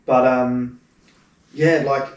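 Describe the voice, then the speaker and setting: A man's voice: mid-range voice, flat delivery, extremely slow. A man hosting a podcast, chatting casually in a laid-back way with many short agreeing replies. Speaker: podcast host. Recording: echoey room, mic far off.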